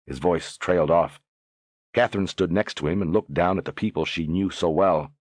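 Deep, husky male audiobook narrator. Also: dry recording, studio quality. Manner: measured, dramatic reading.

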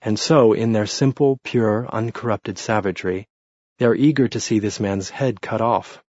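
A man voicing a cool, sarcastic Bavarian lawyer in an audiobook, with a husky, dry delivery. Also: on the low side, moderate pace, a little mellow, no echo, dull audio, lightly acted. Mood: sardonic.

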